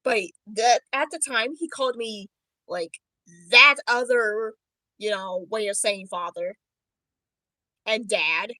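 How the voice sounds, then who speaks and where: A woman's voice: mid-range voice, takes it slowly, sharp tone, no echo, low-quality recording. A woman playing a doting animatronic rabbit dad. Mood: flustered. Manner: chatty, giggly, flustered outbursts. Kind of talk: livestream role-play chat.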